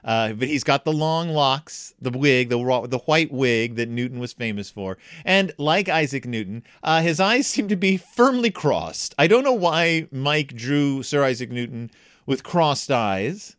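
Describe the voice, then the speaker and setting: A man hosting a comedic book review, talking in an animated, jokey way with wry asides. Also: medium pitch, unhurried, clear, resonant tone, no echo, studio quality.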